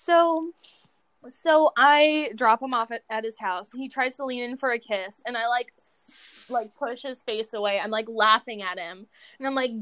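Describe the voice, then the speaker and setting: A woman co-hosting a podcast, casually telling a dating story in an animated way, swearing and laughing as she goes. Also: a little high, moderate pace, no room sound. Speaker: podcast co-host.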